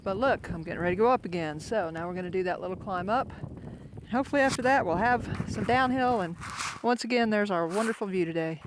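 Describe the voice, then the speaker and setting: Filming on a handheld phone along a foggy mountain trail, this older Floridian hiker rambles through a casual vlog and mocks himself as he goes. He talks quickly in a high voice, and a little background noise comes through.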